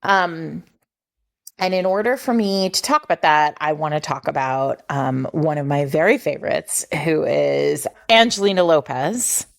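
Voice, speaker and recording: Co-hosting a laid-back book-discussion podcast, a woman recounts a story with frequent self-corrections. She speaks in a low voice with vocal fry at a measured pace.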